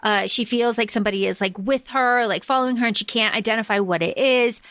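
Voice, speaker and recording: A woman's voice: a little high, fast, fairly bright tone, dry recording. A woman co-hosting a book podcast, chatting casually with lots of fillers and the odd swear. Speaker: podcast co-host.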